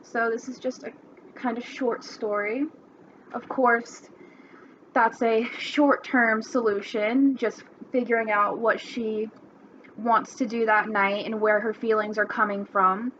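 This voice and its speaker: A young woman presenting a class assignment, reading a fairy tale in a friendly, unhurried way, in a slightly muffled recording with faint hiss. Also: a little high, fairly even intonation, fairly bright tone. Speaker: student presenter.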